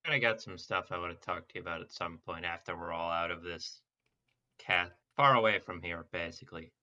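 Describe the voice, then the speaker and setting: A man's voice: sits low, brisk, sharp tone, lo-fi sound, voice pushed down. A man voicing a secretive adventurer who deflects and puts off talking. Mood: evasive.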